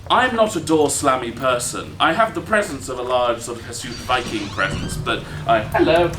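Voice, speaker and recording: Onstage at a live comedy show, a man with a mid-range voice tells a rambling, self-deprecating story peppered with ums. He's an improv performer with lively intonation, talking at normal speed. The recording has room echo and background noise.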